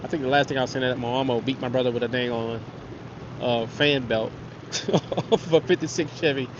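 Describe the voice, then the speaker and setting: A man's voice: mid-range voice, steady tone, a little fast, noisy background. A man, hosting a fishing livestream from a kayak and rambling through stories with frequent laughs. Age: 30s. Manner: rambling, laughs often, reads chat. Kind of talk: casual storytelling livestream. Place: outdoors on the water in a kayak. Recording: dull lo-fi outdoor stream audio.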